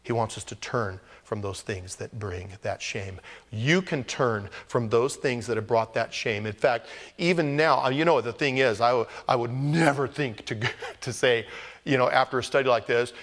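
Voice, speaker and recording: A man preaching a sermon as a pastor, swinging between loud exclamations and hushed asides. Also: mid-range voice, moderate pace, in a large hall.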